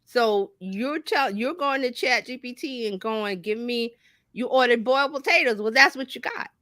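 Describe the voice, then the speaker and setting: A woman marketing coach talking casually on a talk show, lively and folksy, acting out little quoted voices as she explains. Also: a little high, moderate pace, no echo.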